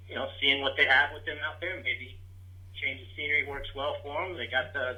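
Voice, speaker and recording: A man from North Carolina leaving a measured, thoughtful voicemail with a question for a podcast. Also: medium pitch, sharp tone, low-quality recording.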